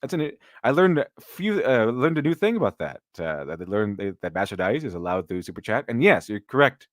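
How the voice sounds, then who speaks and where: A man's voice: lowish voice, big pitch swings, brisk, no echo, clean studio sound. A man hosting a casual live stream, rambling with many restarts and mocking critics sarcastically.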